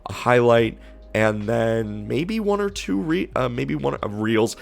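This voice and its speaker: Excitable man reacting on a stream. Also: mid-range voice, measured pace, vocal fry, soft background music. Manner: excitable, gushing, bursts of loud exclamations. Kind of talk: live stream reaction commentary.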